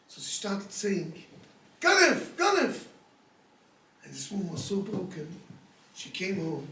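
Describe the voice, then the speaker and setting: A man's voice: a little high, a little hiss or hum. A man, a rabbi, telling a story in a sermon in an earnest, pleading way and repeating his points to drive them home. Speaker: rabbi giving a talk. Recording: echoey room, speaker far from the mic.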